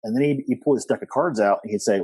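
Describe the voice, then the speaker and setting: A man's voice: mid-range voice, quick pace, breathy edge, no room sound. A middle-aged man, a podcast guest, tells a long personal story, rambling with fillers and restarts, acting out the people he quotes. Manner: rambling with many fillers and restarts, animated quoting. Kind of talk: storytelling interview.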